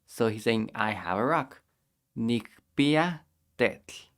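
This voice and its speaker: A man teaching a language lesson, patiently repeating each phrase slowly and clearly for learners to copy. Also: medium pitch, lively intonation, fairly bright tone.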